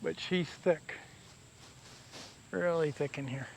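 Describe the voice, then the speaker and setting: A man's voice: a little high, slow, vocal fry. A man vlogging casually to camera while camping in damp woods by a river, talking in an easygoing, rambling way. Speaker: outdoor vlogger. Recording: faint outdoor insect noise. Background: crickets and insects.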